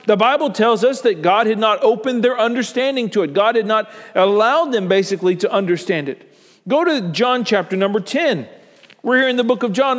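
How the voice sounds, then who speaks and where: Male pastor, high tenor voice, emphatic repetitive sermon delivery, reverberant hall. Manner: preaching with emphatic repetition and scripture reading.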